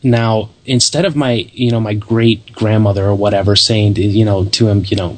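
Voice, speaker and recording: Laid-back low-voiced radio co-host. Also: male voice, fairly even intonation, normal speed, hardly any pauses, no room sound. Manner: laid-back, swears casually, rambling with many fillers. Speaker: co-host of a paranormal radio show. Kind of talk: casual chat and storytelling.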